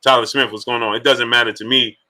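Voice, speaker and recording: Male livestream host, bright sharp tone, chatty and animated. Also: medium pitch, quick pace. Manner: animated, shouts out viewer names between opinions. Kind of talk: casual live stream chat, reading super chats.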